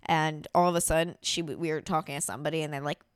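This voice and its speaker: A woman's voice: low-pitched, steady tone, quick pace, smooth, no echo, studio quality. Rambling, foul-mouthed woman podcast host. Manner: rambling and profane, heavy use of "like". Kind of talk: casual podcast chat.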